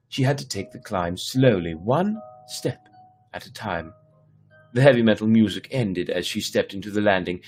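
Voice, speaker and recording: Male storyteller host, relaxed read-aloud, chatty with fillers between chapters. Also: lowish voice. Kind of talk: reading a children's book aloud on a livestream.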